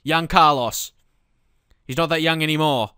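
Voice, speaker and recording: A man hosting a football game let's play, his voice bright and clear, slightly high for a man. He talks through tactics at an easy pace, then bursts out yelling at his defence when things go wrong. The sound is dry and close. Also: moderate pace, dry recording. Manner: excitable, shouts at the game, then calm explaining. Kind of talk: video game commentary.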